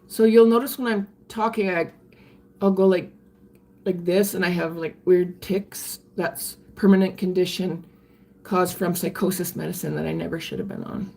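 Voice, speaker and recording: Gravelly older woman livestreaming. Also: fairly low pitch, steady tone, warm tone. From Canada. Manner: halting, frequent restarts, candid and reflective. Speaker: livestreamer reading viewer comments. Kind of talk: casual live-stream chat.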